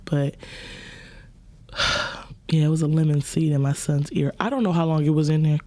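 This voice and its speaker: A woman hosts a podcast in a low-pitched voice at normal speed, leaving long pauses. In casual chat she tells stories with animated, profane, playful looseness.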